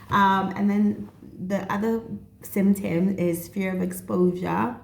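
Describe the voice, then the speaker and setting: Woman, 30s, Setswana accent, vlogger; mellow, gravelly delivery in a roomy echo. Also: medium pitch, steady tone, unhurried. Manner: earnest, chatty, slips into Setswana. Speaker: mental health vlogger. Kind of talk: casual direct-to-camera talk.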